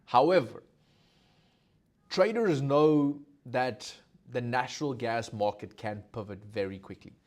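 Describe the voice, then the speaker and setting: A South African man hosts a live market analysis stream, chatting casually with plenty of fillers and asking viewers to leave comments. His voice is medium-pitched and darkish, and he speaks a little slowly.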